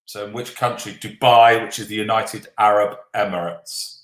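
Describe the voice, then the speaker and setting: A man's voice: fairly low pitch, fairly even intonation, a bit bright. A man hosting a live online pub-style quiz, reading out answers and joking with players in a casual, cheeky way. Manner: jokey, swears then apologises, reads answers slowly. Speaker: quiz host. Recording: echoey room.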